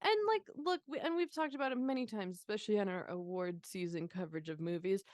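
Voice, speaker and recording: A woman's voice: medium pitch, fast, darkish tone, no room sound, studio quality. A woman co-hosting a movie podcast in casual chat, blunt and casually profane. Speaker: podcast co-host.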